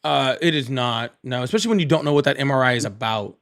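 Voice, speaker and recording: A man hosting a live political call-in stream, blunt and argumentative, quick to cut callers off. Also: mid-range voice, a bit bright. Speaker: livestream host.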